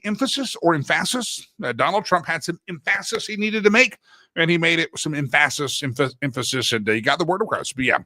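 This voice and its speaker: A middle-aged man hosts a casual talk show and riffs on memes with a jokey, animated delivery. His voice sits a little high for a man and sounds bright and forward. The recording is close and dry. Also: dry recording. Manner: jokey, sings a silly jingle between segments; animated, swings from loud to hushed asides.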